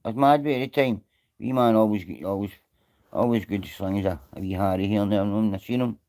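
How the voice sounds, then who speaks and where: A man's voice: fairly low pitch, steady tone, fast talker, a little mellow. A Scottish man on a live stream, rambling and greeting viewers by name in casual chat.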